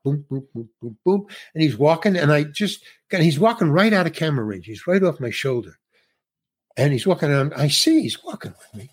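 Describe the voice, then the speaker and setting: Middle-aged guy telling an on-set story, kinda high voice, swings all over, does everyone's lines. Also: husky. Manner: animated storyteller who acts out the other people's lines. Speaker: actor guest. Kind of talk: conversational anecdote.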